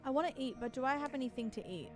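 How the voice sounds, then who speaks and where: A woman's voice: sits high, animated, racing, music in the background. A young woman streaming a game, chatting casually with viewers, reacting aloud and swearing now and then. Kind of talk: casual gaming stream chat.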